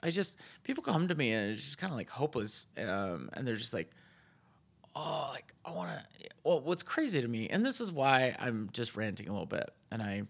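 Male podcast host, casual rambling rant, gravelly fry, slightly husky edge. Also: big pitch swings, normal speed. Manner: rambling, ranting, jumps high in pitch when exasperated.

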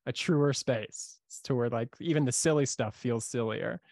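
A man's voice: mid-range voice, moderate pace, darkish tone, no room sound, clean studio sound. A man hosting a podcast interview in a casual, enthusiastic way, laughing easily and restarting his sentences as he talks. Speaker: podcast host.

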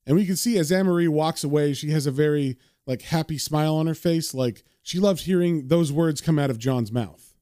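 A man's voice: a little high, brisk, dark tone, dry recording, clean studio sound. A man casually narrating and recapping a comic book story, with a chatty manner full of fillers.

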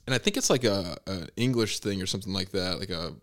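A man's voice: deep voice, fast, a bit bright. A young man hosting a podcast, chatting casually and rambling, with lots of fillers and swearing. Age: young adult. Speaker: podcast host. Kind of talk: casual chat.

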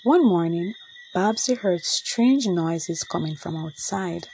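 Woman reading a kids story, slow and expressive, bit of vocal fry. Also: lowish voice, noisy background. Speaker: narrator. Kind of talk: children's audiobook narration.

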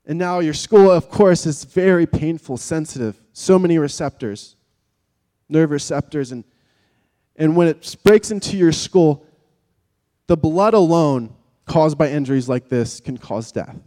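Male preacher, fairly high voice, dramatic sermon delivery that drops to a hush, long hall reverb. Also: unhurried. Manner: vivid, dramatic, swings from loud emphasis to hushed tones.

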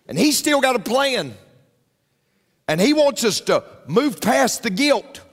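A man's voice: extremely high pitch, fairly bright tone, in a large hall. A male pastor preaching a sermon in an emphatic style, repeating his phrases and speaking straight to the congregation. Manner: emphatic, repetitive preaching with frequent asides to the congregation.

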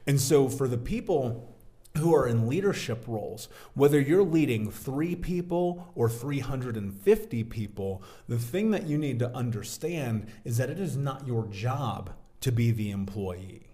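Animated storytelling man, mid pitch. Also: unhurried. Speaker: podcast guest, business owner. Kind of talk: storytelling in a casual interview.

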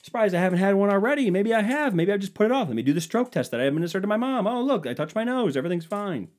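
A young man hosting his own podcast, ranting in a worked-up way that swings from loud outbursts to low mutters. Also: big pitch swings, very fast. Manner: worked-up ranting, swinging between shouting and mumbling. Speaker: podcast host. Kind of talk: solo podcast rant.

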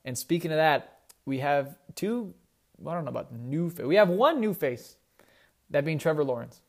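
Young male sports host, slightly higher voice, loose and rambling, keeps restarting his sentences. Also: expressive, moderate pace. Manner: rambling, self-correcting, conversational. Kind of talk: casual solo sports talk.

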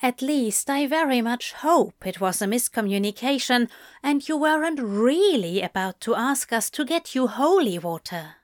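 Performing above her natural pitch, a woman voices a prim male angel who chides in a fussy way. Her high voice swings widely in pitch at a moderate pace, captured in a dry, clean studio recording.

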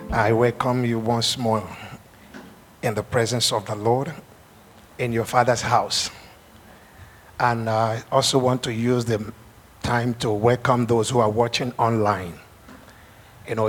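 A man leads his congregation as pastor, speaking in an earnest, unpolished way at a middle pitch. Faint room ambience sits behind his voice. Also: slight background noise. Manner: earnest, with frequent "you know" fillers. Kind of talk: sermon welcome to a congregation.

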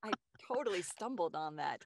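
A woman's voice: fairly low pitch, animated, normal speed, gravelly, a crowd in the background. A woman co-hosting a podcast in casual chat, bubbly and giggly, sometimes stumbling over her words. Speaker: podcast co-host.

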